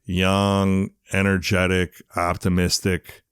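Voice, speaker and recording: A man's voice: low-pitched, completely flat delivery, slow, a bit bright, clear, resonant tone, dry recording. A man guest talking in a laid-back, casual way, dropping "dude" often. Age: adult, a parent. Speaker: donut shop owner, guest. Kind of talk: casual conversation.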